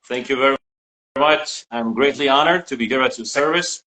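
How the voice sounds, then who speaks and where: Bright-voiced man, polite guest. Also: mid-range voice, normal speed, rough recording. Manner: polite and eager. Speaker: guest teacher. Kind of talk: casual chat.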